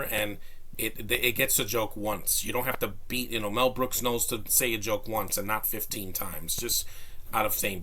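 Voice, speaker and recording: A man's voice: fairly low pitch, sharp tone, a little hiss or hum. A man of Hispanic background giving a casual spoken movie review, rambling with restarts and fillers, recorded on a phone. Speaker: film reviewer.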